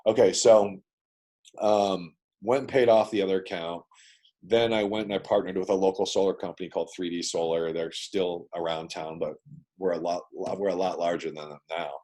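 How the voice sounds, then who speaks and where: A low-pitched man speaks over a video call, telling his own story with casual bluntness. He swears freely and keeps tossing in "man" and "dude" as he talks. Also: steady tone, moderate pace, warm tone. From Canada. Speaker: guest entrepreneur.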